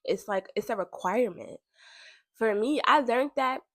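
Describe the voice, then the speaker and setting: Casting: animated woman host with a lilt, casual spiritual chat, dry close mic. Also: moderate pace, no room sound. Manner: chatty and animated, laughs often, bursts high when quoting. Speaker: podcast host.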